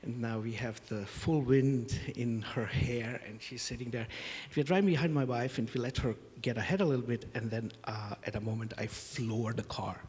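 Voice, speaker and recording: A man's voice: mid-range voice, normal speed, darkish tone, big-room sound. A middle-aged man hosting a conference, opening with humorous, self-deprecating stories about his family. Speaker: conference host. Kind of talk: storytelling conference introduction. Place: conference hall.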